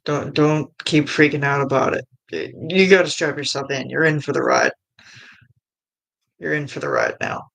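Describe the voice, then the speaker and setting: An adult livestream host chatting casually with viewers, enthusiastic and quick to giggle. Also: mid-range voice, very animated, gravelly, fairly bright tone.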